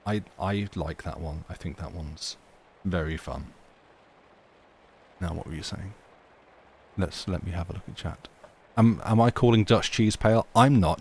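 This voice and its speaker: A man reading classic stories aloud on a livestream, with measured, dramatic narration and casual chat with viewers. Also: low-pitched, slight background noise. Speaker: livestream reader.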